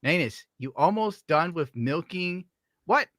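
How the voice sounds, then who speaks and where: A man's voice: on the high side, animated, a little slow, a crowd in the background. A man hosting a live stream, talking in casual, sardonic, profane banter. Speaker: streamer host.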